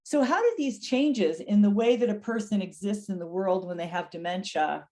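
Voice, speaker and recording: Her pitch is medium and her tone somewhat dark, delivered at a moderate pace. The middle-aged presenter teaches a webinar about dementia care with evident earnestness, and example phrases come out louder as she performs them.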